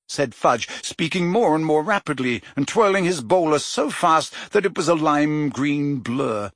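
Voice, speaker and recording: A male audiobook narrator reading expressively, his pitch rising and falling freely. His voice is bright and a little husky, recorded close and dry. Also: animated, unhurried, few pauses, no echo.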